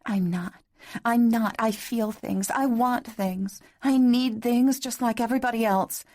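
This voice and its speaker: A frightened, distraught young wife, as a female narrator acts her out in an audiobook romance. Her voice rises high and strained, tearful and quavering as it catches in her throat. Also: slow, dark tone, dry recording, clean studio sound.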